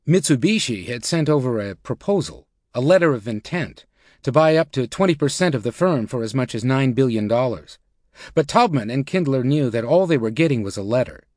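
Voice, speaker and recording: The man narrating this nonfiction audiobook stays steady and measured, speaking at an unremarkable middle pitch. The sound is intimate and dry, with no room sound at all.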